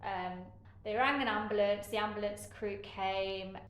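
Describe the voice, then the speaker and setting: A woman giving a candid personal account as an interviewee, frank and halting, with many fillers and a sarcastic edge. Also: mid-range voice, fairly even intonation, reverberant, poor audio. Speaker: interviewee sharing care experiences.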